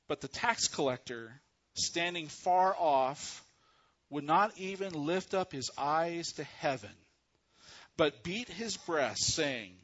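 A man preaching a sermon as pastor into a microphone, earnest and unhurried, pausing often between phrases. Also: on the high side, lively intonation, a bit bright, highs cut off. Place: church sanctuary. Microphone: microphone on a stand or handheld.

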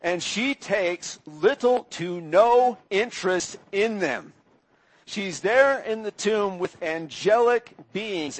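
A man preaching a sermon, retelling scripture in measured storytelling and voicing quoted speakers with feeling. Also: sits high, poor audio. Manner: measured storytelling, acts out quoted voices with rising intensity.

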